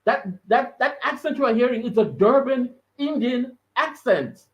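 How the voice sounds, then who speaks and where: South African male podcaster, solo rant, high animated voice, emphatic, slightly muffled audio. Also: moderate pace. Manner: earnest, emphatic, repeats words for stress. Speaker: podcast host.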